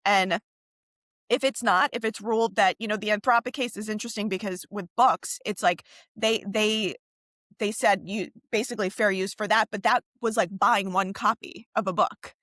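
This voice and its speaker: A woman co-hosting a podcast talks in a loose, rambling way, full of "like" and "you know" and restarts. Her voice sits at an ordinary middle pitch and is recorded close and dry, with no room sound. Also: steady tone, normal speed, a bit bright, no echo. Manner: chatty, many fillers and restarts. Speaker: podcast co-host. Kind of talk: casual podcast discussion.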